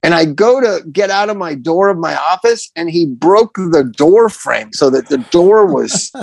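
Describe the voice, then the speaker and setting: A man telling a story in a casual interview, animated and profane, laughing often as he goes. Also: fairly high pitch, a little slow, gravelly, a little hiss or hum. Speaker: addiction counselor guest.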